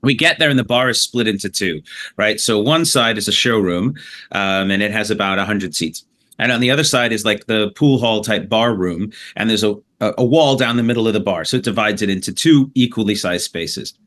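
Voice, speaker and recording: Canadian comedian guy, bright tense voice, swears a lot, tells stories fast and loose. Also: fairly low pitch. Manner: animated anecdote-telling with profanity and laughter. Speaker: comedian guest. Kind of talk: storytelling in a podcast interview.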